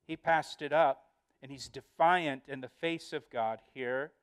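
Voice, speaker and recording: A man's voice: medium pitch, a little slow, clean tone. A male pastor giving a verse-by-verse Bible study, earnest and emphatic, often repeating words as he explains.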